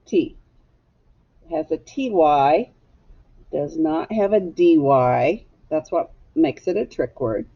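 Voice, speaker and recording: A woman teacher leading a phonics lesson for young children, clearly drilling sounds and words for them to echo. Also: low-pitched, lively intonation, takes it slowly, muffled recording.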